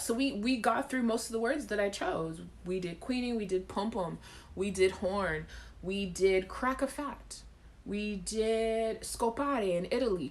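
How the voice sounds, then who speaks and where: A woman hosting a live chat show, talking casually to viewers, reading out their comments and laughing. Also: mid-range voice. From Caribbean.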